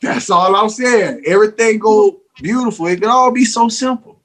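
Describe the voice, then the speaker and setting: A man's voice: sits high, normal speed, a bit bright. A man co-hosting a casual podcast, laid-back and slangy, defending himself in banter. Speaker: podcast co-host. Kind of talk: casual group podcast chat.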